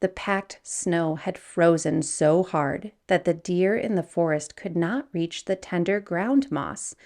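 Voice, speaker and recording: Slow, gravelly woman reading a storybook. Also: lowish voice. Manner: gentle, unhurried read-aloud with soft hushed passages.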